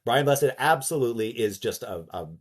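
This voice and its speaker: Husky, animated man giving a lecture. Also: medium pitch. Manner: animated, halting, slips into character voices. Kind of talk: casual online lecture.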